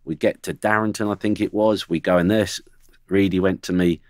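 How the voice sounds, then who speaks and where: A middle-aged man who once played football talks quickly on a studio podcast, his low voice fairly even in intonation, bluntly telling anecdotes about teammates and mimicking them. The sound has no echo.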